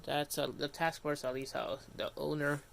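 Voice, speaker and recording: A man's voice: a little high, level tone, normal speed, vocal fry, fairly bright tone, a little hiss or hum. A man streaming live and chatting casually as he works, rambling, breaking off mid-sentence and grumbling to himself. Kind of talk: casual livestream commentary.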